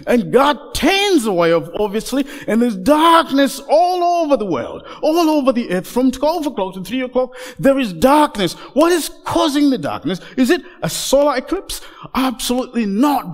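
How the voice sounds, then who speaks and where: A man delivers a sermon in a church sanctuary, his fairly high voice climbing to loud, emphatic peaks and then sinking to near-hushed lows. His delivery is very animated in pitch, and a long reverb trails every phrase. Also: normal speed. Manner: passionate, rising to loud emphatic peaks then dropping very low and soft. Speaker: guest preacher.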